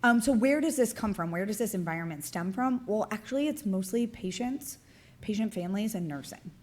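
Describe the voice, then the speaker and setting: A woman's voice: medium pitch, lively intonation, fairly quick, a little mellow. A woman in her thirties giving a conference talk in a chatty lecturing manner, often adding "right?" and "like" as she goes. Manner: conversational, frequent "right?" and "like" fillers. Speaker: conference presenter.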